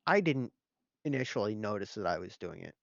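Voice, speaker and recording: A man's voice: fairly low pitch, very animated, fairly quick, creaky, no room sound, lo-fi sound. A man co-hosting a whiskey show, telling stories in casual, easygoing chat. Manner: storytelling, easygoing. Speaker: whiskey show co-host and dungeon master.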